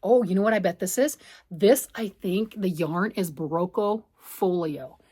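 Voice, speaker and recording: A woman casually chatting in a craft vlog as she sorts through her knitted and crocheted pieces, rambling and thinking out loud. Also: lowish voice, a little slow, husky. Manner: chatty, rambling, talks to herself while sorting.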